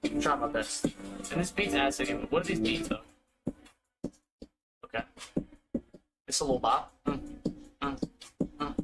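A young man streaming live, chatting casually and freestyle rapping in a loose, profane, animated way. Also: mid-range voice, unhurried, pauses often. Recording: loud music behind the voice.

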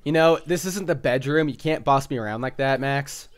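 A man chatting casually while playing an online game, making crude jokes, swearing and yelling at opponents. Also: mid-range voice, normal speed. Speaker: gamer. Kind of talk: casual gaming chat.

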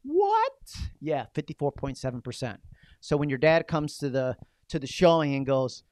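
A man coaching real estate agents in an energetic, punchy seminar talk full of rhetorical questions. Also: mid-range voice, moderate pace, no echo.

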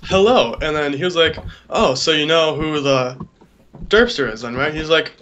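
A man's voice: fairly high pitch, normal speed, a bit bright. A teenage boy rambling casually while gaming, telling a long story and trailing off with "I don't know.". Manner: rambling, trails off, retells stories with quoted voices. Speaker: gameplay co-host. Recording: dull lo-fi mic with clear background hiss.

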